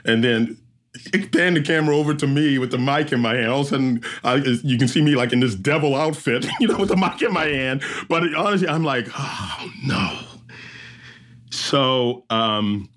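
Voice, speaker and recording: A man, an obstacle race emcee, telling an animated story and acting out the sounds and voices. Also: mid-range voice, fairly quick. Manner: lively storyteller who acts out sounds and voices.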